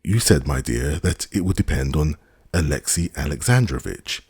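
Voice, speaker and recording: A man reading an audiobook, voicing a fashionable, ironic society princess with a lifted, brisk tone. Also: extremely low pitch, lively intonation, a little mellow, slightly rough, no room sound, studio quality, full character voice. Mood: affable.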